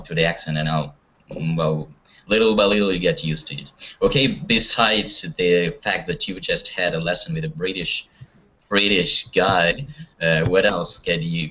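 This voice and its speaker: A man's voice: low voice, sharp tone. A man teaching an online English conversation class, encouraging students with many questions over a video call. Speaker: language teacher. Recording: muffled online call audio.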